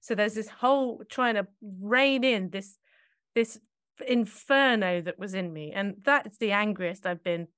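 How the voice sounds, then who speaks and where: A woman's voice: medium pitch, unhurried, a bit bright, clean tone, no room sound, studio quality. A woman co-hosting a podcast, talking in a reflective, searching way and often correcting herself mid-thought. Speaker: podcast co-host.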